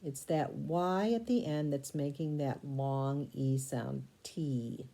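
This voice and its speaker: A woman teaching a recorded spelling lesson, sounding out syllables slowly and spelling words letter by letter. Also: very deep voice, creaky, warm tone.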